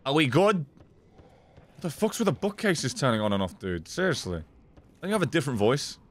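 A man's voice: mid-range voice, very animated, fairly bright tone. Sweary, laughing male gameplay streamer. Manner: sweary, joking and quick to laugh. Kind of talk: casual gameplay commentary.

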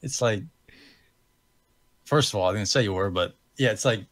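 A young American man with a fairly low pitch and a somewhat bright tone chats on a podcast he co-hosts, moving at a moderate pace over a dry recording. His story wanders and doubles back on itself, and he laughs at himself along the way.

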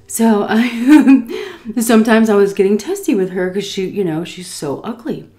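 A woman in her thirties from the United States, casually telling an animated story while eating, often laughing and acting out voices. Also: mid-range voice, measured pace. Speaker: food vlogger telling a story.

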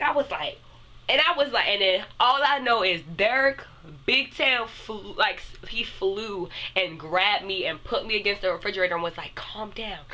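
A young woman, casually telling a personal story to her viewers, animated and chatty. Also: mid-range voice, slight background noise. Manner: animated, addresses viewers as "y'all". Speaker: vlogger.

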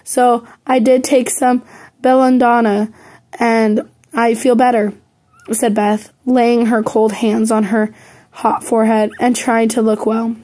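A woman with a slightly high voice and a dark tone reads a classic novel aloud slowly and flatly as an amateur audiobook narrator. Her reading is plain, with small slips she corrects as she goes.

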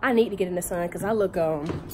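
A young woman with a hoarse, deep morning voice, chatting casually to her viewers in a vlog, recorded on a handheld phone. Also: fast talker. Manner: chatty, laughing often, addresses viewers as y'all. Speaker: vlogger.

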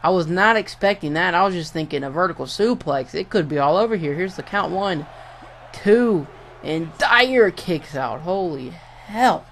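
A young man giving casual play-by-play commentary over a wrestling video game, getting excited and swearing at big moves. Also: high-pitched, moderate pace, a little hiss or hum. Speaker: gameplay commentator.

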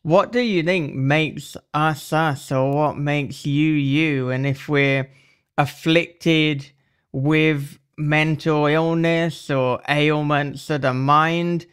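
Slow-talking podcast host man, smooth voice. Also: fairly high pitch, steady tone, fairly bright tone. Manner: thoughtful, laughs easily, many fillers. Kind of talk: casual interview chat.

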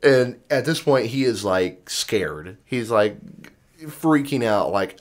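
A man's voice: mid-range voice, animated, slow. A man co-hosting a podcast, chatting casually and acting out the people in his stories. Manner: rambling storyteller, acts out quotes. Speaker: podcast co-host. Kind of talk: casual chat.

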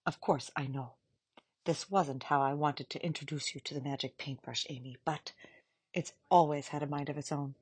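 A woman's voice: low voice, fairly even intonation, moderate pace, slightly rough. A woman voicing a firm old grandmother. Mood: brisk firm. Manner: firm and coaxing, mostly hushed. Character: firm, warm-hearted old grandmother, caged.

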